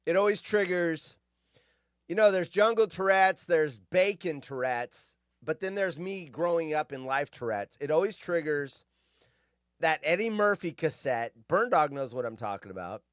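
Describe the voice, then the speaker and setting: A man's voice: fairly high pitch, expressive, moderate pace, fairly bright tone, clean tone, no echo, studio quality. Rambling middle-aged male host. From California. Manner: rambling, nostalgic storytelling with tangents. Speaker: show host. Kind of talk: casual rambling monologue.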